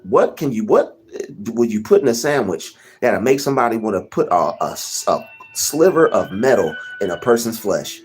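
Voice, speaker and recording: A young man hosting a casual livestream, rambling and giving shout-outs to chatters by name. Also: lowish voice, expressive, normal speed, few pauses, soft background music. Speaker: livestream host.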